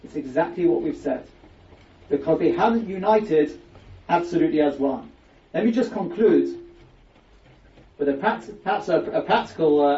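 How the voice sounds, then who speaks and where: A man's voice: high voice, mellow, slight background noise. A man giving a Torah lecture, explaining with emphatic rhetorical questions. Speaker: rabbi giving a Torah class. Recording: echoey, distant, dull-sounding recording.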